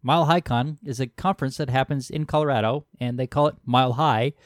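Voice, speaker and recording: A man's voice: mid-range voice, brisk, dry recording, studio quality. A man co-hosting a casual podcast, teasing his co-hosts and laughing often. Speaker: podcast co-host. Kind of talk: casual chat.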